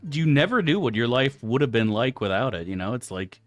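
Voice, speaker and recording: A male game streamer talks loosely to his chat, swearing freely and wandering from one tangent to the next. His pitch sits in an ordinary middle range, and faint game music plays underneath. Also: animated, brisk, dry recording. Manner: crude, profane, rambling asides to chat. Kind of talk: casual live-stream chat.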